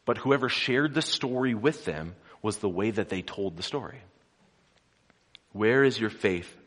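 A man delivers a sermon in a fairly low voice, recorded with the long, lingering reverb of a church hall. He tells the story dramatically, rising to forceful peaks and sinking to quiet, hushed passages. He keeps turning to the congregation with questions. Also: expressive, a little slow. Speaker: preacher.

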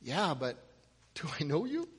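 A man playing a calm male athlete who speaks quietly and flatly, politely baffled. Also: medium pitch, moderate pace, husky. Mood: puzzled. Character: calm, puzzled male athlete eating alone.

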